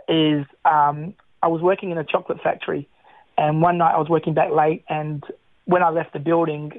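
A man's voice: a little high, no room sound. A man, a radio interview guest telling his faith testimony in an earnest, storytelling way, often restarting his sentences and chuckling. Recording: tinny phone line, dry.

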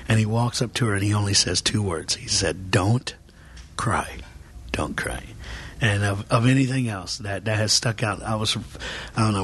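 A man as a guest preacher in an interview, talking fervently with many fillers and repeats, sometimes dropping to a soft near-whisper. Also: fairly low pitch, husky. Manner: filler-heavy, repeats words.

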